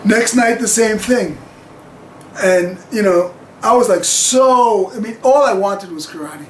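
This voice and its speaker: A man's voice: high-pitched, measured pace, reverberant, slight background noise, poor audio. A man telling a personal story to camera in a rambling, chuckling way with plenty of fillers.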